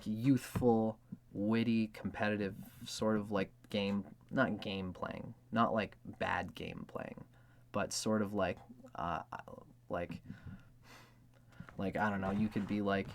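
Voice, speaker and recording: A man with a lowish voice hosts an astrology video, giving a casual explanatory monologue over slight background noise. He rambles, uses lots of filler words, and acts out the lines he quotes.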